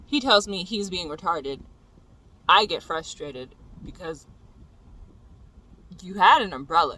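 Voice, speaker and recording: A young adult vlogger telling a venting story in a profane, exasperated rant that builds into shouting. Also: medium pitch, low-quality recording.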